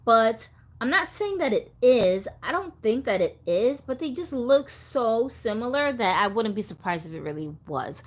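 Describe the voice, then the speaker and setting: A woman's voice: fairly high pitch, big pitch swings, moderate pace. A woman hosting a casual doll-collector livestream, chatting in a rambling, easygoing way and reading viewer comments aloud.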